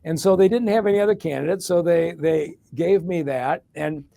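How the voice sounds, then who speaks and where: In a dry recording, a middle-aged man from Detroit tells a long, straightforward story in reply to an interview question. The guest, once a hospital executive and mayor, has a slightly high, creaky, mellow voice and speaks at a normal speed.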